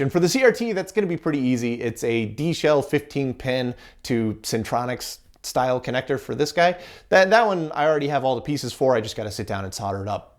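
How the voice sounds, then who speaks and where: A man's voice: on the high side, a little mellow. A man hosting a casual workshop vlog about restoring vintage computers, talking enthusiastically, with frequent chuckles and filler words.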